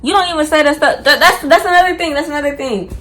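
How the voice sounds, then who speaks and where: Animated young woman telling a storytime. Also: high-pitched, quick pace. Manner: animated, slangy, acts out quotes. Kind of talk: casual storytime.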